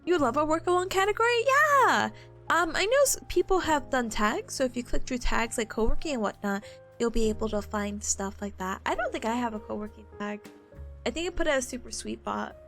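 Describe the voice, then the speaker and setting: A woman's voice: fairly high pitch, lively intonation, a little fast. A young adult woman streaming and chatting casually with her viewers, rambling and laughing often between emotional asides. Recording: faint music behind the voice.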